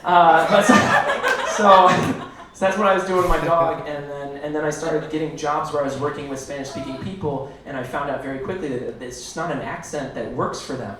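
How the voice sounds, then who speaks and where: A man in his thirties from Illinois doing a stand-up set, rambling and self-deprecating with halting fillers, recorded in a roomy club from far off with an audience. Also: on the high side, steady tone, background noise. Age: 30s. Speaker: stand-up comedian. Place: small comedy club stage.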